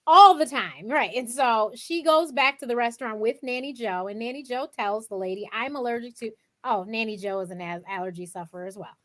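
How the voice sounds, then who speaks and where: A woman's voice: fairly high pitch, a little fast, hardly any pauses. A young woman guest and author, telling stories animatedly in a casual interview and acting out what others said. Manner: animated storyteller, acts out quotes.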